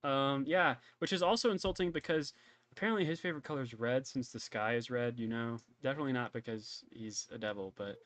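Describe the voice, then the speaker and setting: A man running a tabletop game as game master, relaxed and joking with his players. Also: mid-range voice, fast, dry recording.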